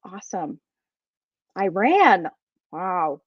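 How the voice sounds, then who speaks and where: A woman guest-hosting a live podcast, bubbly and excitable, greeting viewers with lots of exclamations. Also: fairly low pitch, drawn-out words, breathy edge, dry recording. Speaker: guest host. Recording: dry, slightly dull sound.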